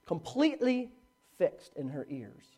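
Animated male preacher telling a story. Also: fairly high pitch, unhurried, husky. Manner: animated storytelling, swinging from hushed to shouting. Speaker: pastor. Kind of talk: sermon.

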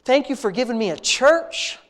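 A man's voice: very high voice, expressive, moderate pace, a bit bright. Earnest man leading a heartfelt spoken prayer. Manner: earnest, heartfelt, repetitive praise phrases; conversational, intimate tone. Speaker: prayer leader.

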